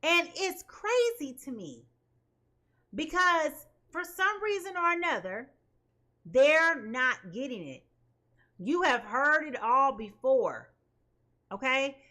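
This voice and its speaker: A woman's voice: sits high, big pitch swings, takes it slowly, pauses often, bright, forceful tone. A woman reading tarot for her viewers in an emphatic way, often checking in with "okay?". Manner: emphatic, keeps asking "okay?". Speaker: tarot reader.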